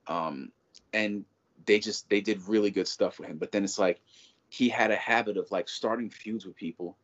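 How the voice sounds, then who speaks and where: Co-host type: a man with a lowish voice, excitable and profane, tripping over his own restarts, on a muffled low-fi recording. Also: moderate pace. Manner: animated, profane, rambling with many restarts. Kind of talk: casual chat. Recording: dull lo-fi audio.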